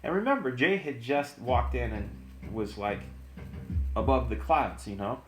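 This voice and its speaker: A middle-aged man, a comic artist, telling stories in a relaxed, chatty way on a live stream. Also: mid-range voice, a little slow. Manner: relaxed, chatty, lots of fillers and laughs. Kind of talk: casual storytelling on a live stream. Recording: roomy room, faint music.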